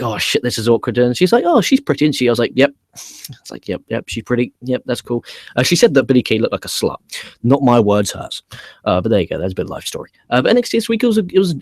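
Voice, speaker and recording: Young man, low voice, casual, sweary podcast host, dry close mic. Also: dry recording. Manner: rambling, profane, blunt. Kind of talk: casual wrestling news chat.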